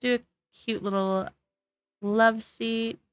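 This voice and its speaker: This woman's voice sits fairly high and stays level, slow and smooth, captured clean on a desk mic with no room sound, like a studio. Sniffly and drowsy, she yawns as she streams a game, offering casual commentary and replying to her chat.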